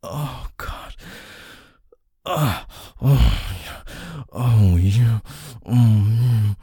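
A man performing an intimate adult audio role-play in a dominant, teasing way, with soft moans and whispered asides. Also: mid-range voice, very slow, creaky, slightly rough, dry recording, clean studio sound.

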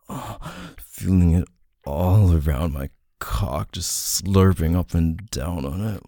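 Deep gravelly man, slow and dominant. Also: dry recording, clean studio sound. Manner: dominant, slow and teasing, with soft moans and whispers. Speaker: audio role-play performer. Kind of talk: intimate adult audio role-play.

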